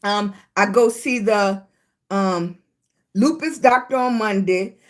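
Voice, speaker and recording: A woman chatting casually on a live stream from her phone, greeting viewers, slightly congested after a hospital stay. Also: medium pitch. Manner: chatty, greets viewers, drawn-out emphatic talk. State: recovering from illness, congested.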